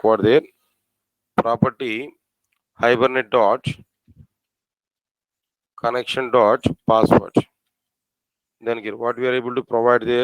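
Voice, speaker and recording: A man teaching a programming class, spelling out code slowly and asking the students questions again and again. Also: mid-range voice, dry recording, low-quality recording. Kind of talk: live coding lesson.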